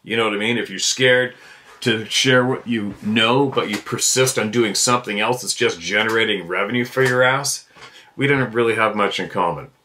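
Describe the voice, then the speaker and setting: A man's voice: lowish voice, normal speed, pushed and bright, slight background noise. A man hosting his own show, talking in a blunt, fired-up rant, cursing freely and repeating his points. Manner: blunt and profane, repeats himself. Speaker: podcast host. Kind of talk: fired-up ranting monologue.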